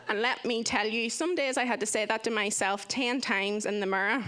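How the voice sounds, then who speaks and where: Earnest woman, slightly high voice. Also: moderate pace, hardly any pauses, clear, resonant tone. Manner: earnest and expressive, acting out quoted voices. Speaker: speaker sharing a personal testimony. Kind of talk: candid storytelling talk.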